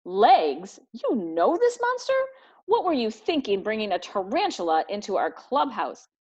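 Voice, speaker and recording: A woman's voice: medium pitch, huge pitch swings, normal speed, darkish tone. A woman voicing a grumpy, suspicious male snake with a sarcastic edge. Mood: outraged. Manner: sour and sarcastic. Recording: dull lo-fi recording.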